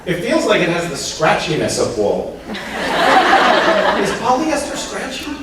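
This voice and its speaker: A man on stage as a convention guest, joking playfully with a deadpan edge. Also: high-pitched, a little slow, very noisy. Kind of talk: casual panel banter. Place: large convention hall with audience. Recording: echoey hall recorded from far off with crowd.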